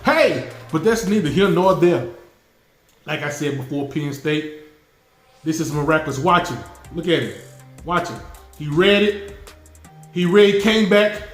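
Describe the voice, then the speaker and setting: A man's voice: high-pitched, roomy sound. A man hosting a casual football fan reaction video, talking emphatically and repeating his points for effect. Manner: animated, repetitive, emphatic preaching delivery. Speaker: sports channel host.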